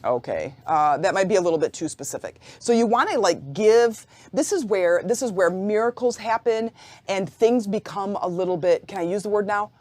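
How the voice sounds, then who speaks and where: A woman's voice: medium pitch, animated, moderate pace, darkish tone, no room sound. Chatty woman podcaster, dry close mic. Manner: chatty and playful, acts out little quoted inner voices. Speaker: podcast host and life coach. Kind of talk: casual solo podcast teaching. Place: home office.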